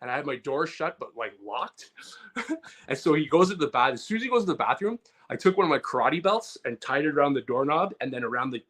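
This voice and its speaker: Animated man telling a comic story. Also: fairly high pitch, fast. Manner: animated, acts out voices with loud outbursts. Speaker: podcast co-host. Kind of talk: casual comedic storytelling.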